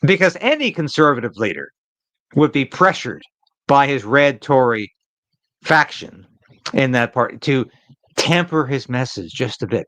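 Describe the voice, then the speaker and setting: A man's voice: medium pitch, big pitch swings, measured pace, pauses often, a bit bright, dry recording, poor audio. A man hosting a live political commentary stream, talking in an emphatic, opinionated way and repeating phrases to drive a point home.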